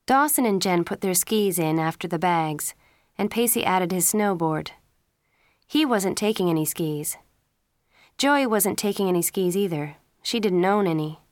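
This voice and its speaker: A woman reading a story aloud with steady, even scripted narration. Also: medium pitch, dry recording, clean studio sound. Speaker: storybook reader.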